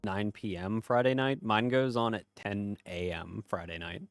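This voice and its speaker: A man's voice: lowish voice, measured pace, clean tone, no room sound, studio quality. A man streaming a game, chatting casually and reading chat aloud in a laid-back, profane way.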